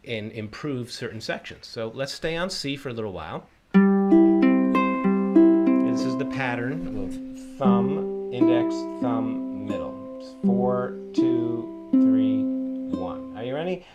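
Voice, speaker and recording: A man's voice: mid-range voice, fairly bright tone. Patient man teaching a ukulele lesson. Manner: patient step-by-step instruction, counting in beats aloud; friendly, greets viewers by name. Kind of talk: livestream music lesson.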